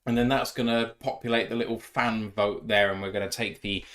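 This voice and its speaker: A man's voice: on the low side, fairly even intonation, brisk, fairly bright tone. A man co-hosting a live fan show, chatting casually and reading out viewer messages. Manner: reads out chat messages, chatty and joking. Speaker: podcast co-host. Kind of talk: casual live-stream chat.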